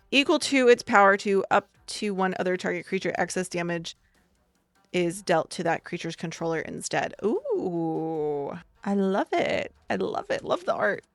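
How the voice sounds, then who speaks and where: A bubbly woman with a slight cold talks into a desktop mic, reading card text in quick bursts. Her voice sits at an ordinary pitch, and the sound is dry and close with faint music behind it. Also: a bit bright, dry recording. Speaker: card-opening content creator. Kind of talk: excited pack-opening vlog.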